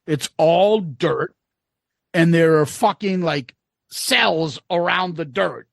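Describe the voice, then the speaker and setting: High-voiced profane man telling a story. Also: takes it slowly, gravelly, no room sound. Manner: profane, laughing storyteller acting out quotes. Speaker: podcast co-host. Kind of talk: casual storytelling chat.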